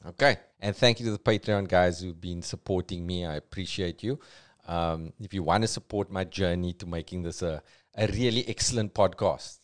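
A middle-aged man hosts a loose, comedic solo podcast. His voice sits on the low side, and he swings between half-mumbled asides and sudden loud jokes. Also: moderate pace. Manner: rambling, self-mocking, jumping between mumbles and bursts. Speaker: podcast host.

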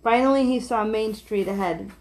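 A woman reading a children's picture book aloud in a gentle, steady way, with small slips and restarts. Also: fairly high pitch, moderate pace.

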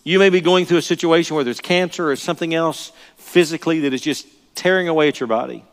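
The voice of an older male pastor, pitched on the high side and moving at a quick pace, fills a large church hall with long reverb. He preaches with earnest force, repeating key phrases often.

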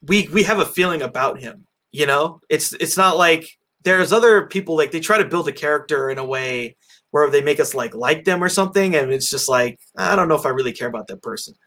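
His voice is a little high and sharp, and he talks fairly quickly via his own mic on an online call. Hosting a casual movie review podcast chat, he rambles, often using fillers and restarting sentences.

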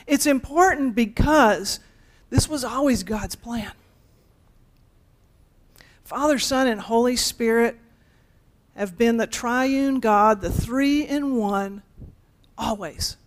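Woman pastor giving a conversational sermon with a playful touch. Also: fairly high pitch. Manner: conversational, playful asides to the congregation.

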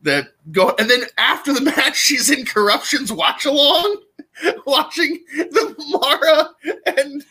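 A co-host on a casual livestream whose voice has a bright, sharp edge. The enthusiasm gushes out, with laughter breaking into the words. The delivery stays loose and unscripted. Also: sits high, expressive, slow. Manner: enthusiastic, gushing, laughs mid-sentence.

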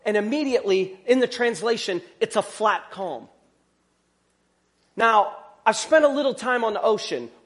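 High-voiced man preaching a casual sermon. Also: expressive, moderate pace. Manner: conversational, with rhetorical questions and joking asides. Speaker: pastor.

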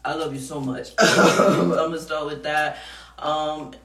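A woman hosts a podcast with a bright, forceful voice, chatting in an animated, unfiltered way and laughing between lines. She sits back from the mic in a roomy studio, with a faint hiss behind her. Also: low voice, slow, far from the mic. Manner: animated, laughing often, frank and profane. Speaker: podcast host. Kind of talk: casual podcast chat.

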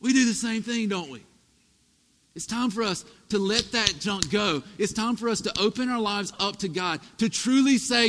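A bright, high-voiced man in his thirties preaching to a congregation. He tells stories with lively swings and builds to emphatic peaks. His voice rings out in a long hall reverb. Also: normal speed. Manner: storytelling, animated, rising to emphatic peaks. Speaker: pastor. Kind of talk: sermon.

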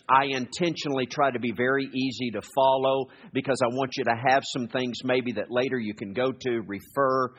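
A man with a husky voice preaches a sermon in a church sanctuary, earnest and halting, slowing down to read scripture aloud. His voice carries a long hall echo on a dull, lo-fi recording. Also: mid-range voice, fairly even intonation, fairly bright tone. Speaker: guest preacher. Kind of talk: sermon with prayer and scripture reading. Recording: echoey hall, dull lo-fi sound.

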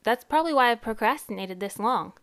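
A woman's voice: on the high side, expressive, brisk. A woman in her thirties hosting a casual podcast, chatty and rambling, often laughing and cutting herself off. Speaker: podcast host and therapist.

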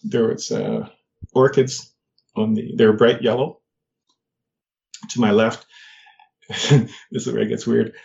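An older man telling a personal story in a halting way, with many fillers and restarts. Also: mid-range voice, flat delivery, gravelly, a little mellow, lo-fi sound. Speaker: guest.

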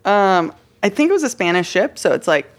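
A woman's voice: mid-range voice, sing-song, brisk. A woman hosting a podcast, telling a history story in a casual, chatty way with many fillers and restarts.

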